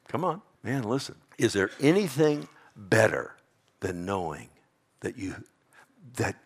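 A man preaching a sermon as pastor, swinging between loud emphasis and hushed tones, often calling out "amen?" and "loved one.". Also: medium pitch, animated, normal speed, slightly rough. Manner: addresses listeners as "loved one", asks "amen?".

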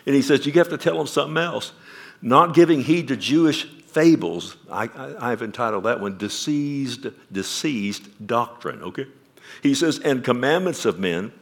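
A male pastor, preaching a sermon. He questions the congregation and swings from loud emphasis down to quiet. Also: medium pitch, animated, moderate pace.

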